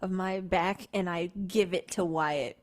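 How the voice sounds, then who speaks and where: A woman's voice: on the low side, fairly even intonation, unhurried. A woman playing in a tabletop game, talking expressively and laughing easily. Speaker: player.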